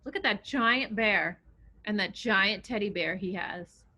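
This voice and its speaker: A woman librarian reading picture books aloud to young children, expressive and coaxing, asking them questions. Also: mid-range voice, a little slow. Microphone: video recording.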